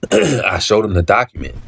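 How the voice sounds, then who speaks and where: With a lowish voice, a man talks through his story in a relaxed monologue. He often clears his throat, acts out what people said and repeats points for emphasis.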